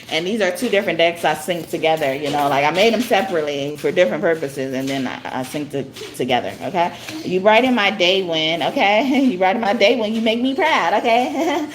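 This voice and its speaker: A woman's voice: fairly low pitch, slight background noise. A woman giving a live spiritual card reading, chatty, often tagging her lines with "okay?" and laughing. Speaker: tarot card reader.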